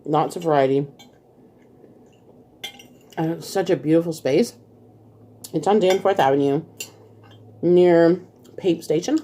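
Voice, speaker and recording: A woman's voice: low voice, slow pace, pauses often, mellow, a little hiss or hum. A woman hosting a casual eating vlog, chatting while she eats and laughing often. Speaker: vlog host. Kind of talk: casual mukbang chat.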